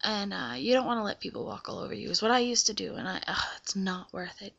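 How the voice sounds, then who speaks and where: A woman's voice: mid-range voice, lively intonation, fast talker, creaky, a bit bright, lo-fi sound. A young woman vlogging casually about a breakup, chatty and full of fillers, often asking the listener "right?". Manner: chatty, filler-heavy, keeps checking in with the listener. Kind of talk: casual confessional storytelling.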